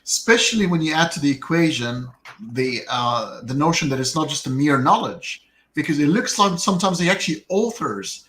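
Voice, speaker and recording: A male host adds short, considered remarks to a casual discussion. His voice sits a little high for a man. The room around him echoes noticeably. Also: lively intonation, normal speed, fairly bright tone, slight background noise.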